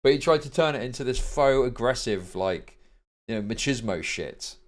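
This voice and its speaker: A man hosting a livestream, reacting to clips with a mocking, foul-mouthed edge. His voice sits at an ordinary middle pitch for a man, and his tone stays loose and conversational. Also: animated, normal speed. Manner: profane, sarcastic, mocking. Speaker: streamer host. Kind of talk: casual livestream reaction commentary.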